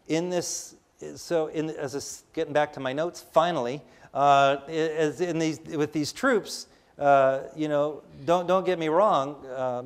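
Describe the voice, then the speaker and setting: A man's voice: mid-range voice, smooth. Older man giving a rambling talk. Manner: chatty, rambling, frequent restarts. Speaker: public speaker. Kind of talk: conversational lecture with personal anecdotes.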